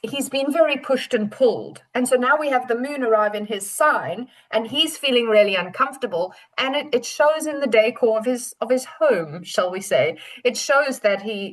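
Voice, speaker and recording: A woman's voice: mid-range voice, poor audio. A woman astrologer talking through a moon forecast in a chatty, rambling way. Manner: chatty, rambling, warm storytelling. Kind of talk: casual forecast talk.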